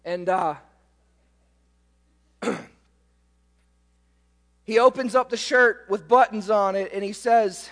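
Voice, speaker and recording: A man delivers a sermon in a strikingly high voice, taking his time over each phrase. He keeps turning to the congregation with rhetorical questions. The sound carries the long tail of a reverberant church hall. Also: slow, pauses often, fairly bright tone. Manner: emphatic, with frequent rhetorical questions to the listeners. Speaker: preacher.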